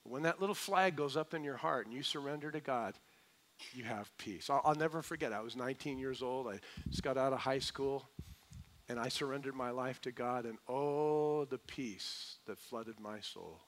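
A middle-aged man preaches at a moderate pace, his sermon rising to emphatic points and then easing down soft and low.

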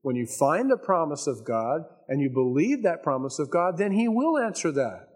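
A man preaching a sermon in a conversational, storytelling way, slowing down to stress his key points. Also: on the high side, big pitch swings, husky. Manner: conversational storytelling, folksy asides; emphatic, slows down on key points. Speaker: pastor.

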